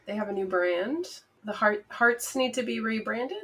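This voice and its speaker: A young adult woman co-hosting a podcast, teasing her co-host and quick to laugh. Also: on the high side, bright, forceful tone, husky. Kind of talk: casual chat.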